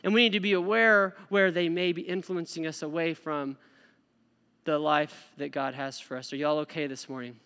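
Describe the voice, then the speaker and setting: A man preaching a sermon to a congregation, conversational and joking, with an animated delivery. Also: a little high, moderate pace, clear, resonant tone. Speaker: youth pastor preaching. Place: church sanctuary. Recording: reverberant church hall.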